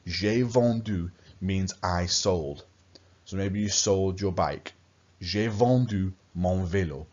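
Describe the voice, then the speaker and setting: A man teaches a recorded lesson, patiently repeating his key points. His voice sits very low. The recording sounds dull and lo-fi. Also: slow pace, a little mellow. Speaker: language teacher.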